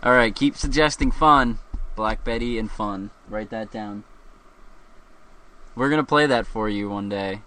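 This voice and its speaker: A man's voice: lowish voice, unhurried, pauses often, pushed and bright. Rambling, jokey male show host. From Philadelphia area, US. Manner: rambling, jokey, laughs often. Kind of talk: casual live show chat.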